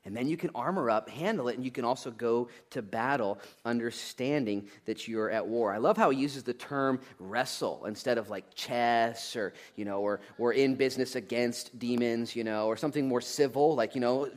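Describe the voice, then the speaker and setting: A man preaching a sermon in a lively, conversational way, laughing now and then and building to emphatic, loud peaks. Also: medium pitch, moderate pace. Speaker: pastor.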